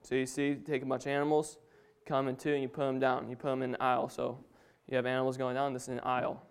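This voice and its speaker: Somewhat nervous, a young man leads his family in an informal sermon on the Bible, chuckling and tossing in casual remarks. He talks fast at medium pitch, with a clean tone and a completely flat delivery.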